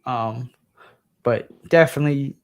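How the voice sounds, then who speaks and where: A tired livestream host with a New York accent talks casually at three in the morning. His medium-pitched voice moves at an unhurried pace as he rambles, filling his speech with fillers and restarts.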